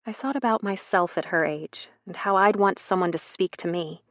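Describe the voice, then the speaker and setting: A woman's voice: lowish voice, moderate pace, no echo. Woman narrating a romance audiobook, dry. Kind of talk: scripted narration.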